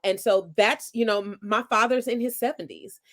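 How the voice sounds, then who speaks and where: A woman's voice: mid-range voice, moderate pace. Earnest woman author telling her story. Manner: reflective, earnest storytelling with restarts. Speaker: author and interview guest. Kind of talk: conversational interview.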